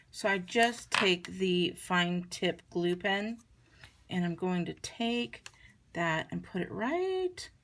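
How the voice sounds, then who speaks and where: A woman giving a chatty, relaxed card-making tutorial, talking her viewers through each step as she works. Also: on the low side, gravelly. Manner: chatty, relaxed, talks while working. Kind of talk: crafting tutorial demonstration.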